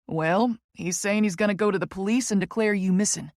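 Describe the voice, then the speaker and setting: A woman's voice: medium pitch, brisk, a little mellow, no echo, clean studio sound, lightly acted. Woman voicing a folksy Kentucky lawyer man. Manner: folksy, calls her honey. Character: small older lawyer man with a thick drawl.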